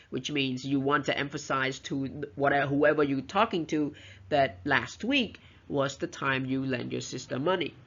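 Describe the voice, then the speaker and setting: Unhurried and gravelly yet fairly bright, a mid-range voice walks listeners through a pronunciation lesson step by step, voicing example sentences as models. The audio is lo-fi and dull.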